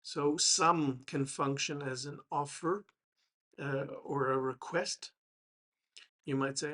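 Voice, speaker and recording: A man explaining English grammar to learners, slow and hesitant, with many fillers and restarts. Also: on the high side, sharp tone. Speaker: English teacher.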